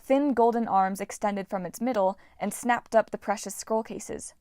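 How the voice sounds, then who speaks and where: A woman reading a fantasy novel aloud as an audiobook narrator, voicing characters in a lively way. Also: normal speed, no room sound. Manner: lively, voices characters with shouts. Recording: dry, low-quality home recording.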